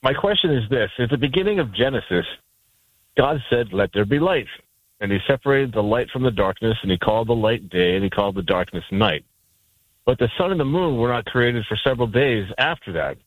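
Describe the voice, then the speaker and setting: A man's voice: mid-range voice, lively intonation, a little fast, dry recording. A male caller on a radio call-in show, asking his question politely with a little hesitation. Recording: tinny phone line.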